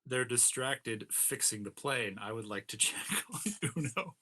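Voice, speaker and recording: A man's voice: medium pitch, a little slow, pushed and bright. A man playing a tabletop game, playfully stating his moves. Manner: playful, declaring actions. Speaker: player.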